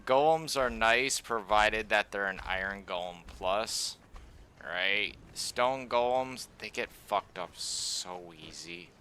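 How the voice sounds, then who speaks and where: Bright-voiced man swearing through a gaming ramble. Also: on the low side, lively intonation, takes it slowly, slight background noise. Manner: profane, rambling storyteller. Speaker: streamer. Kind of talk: casual gaming stream chat.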